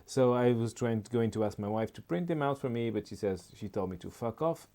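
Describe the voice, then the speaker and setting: A man's voice: mid-range voice, a little fast, mellow. A man, a comedian, doing a rambling comedy monologue and laughing at his own jokes.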